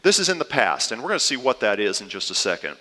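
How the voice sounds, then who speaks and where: A man's voice: fairly low pitch, big pitch swings, quick pace, sharp tone, big-room sound. A man preaching a sermon to his congregation, conversational and playful, with fillers and asides. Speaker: pastor.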